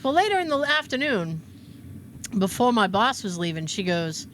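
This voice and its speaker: A woman's voice: medium pitch, moderate pace, a little hiss or hum. A woman in her thirties co-hosting a casual podcast, telling a story and acting out the dialogue. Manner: animated, acts out quoted dialogue. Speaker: podcast co-host.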